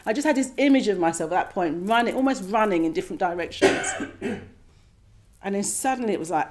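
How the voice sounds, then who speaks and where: A woman telling a personal story at a meditation class, reflective and gently animated, sometimes acting out her own thoughts. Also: mid-range voice, brisk. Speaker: speaker sharing her meditation experience. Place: meditation centre shrine room with a class.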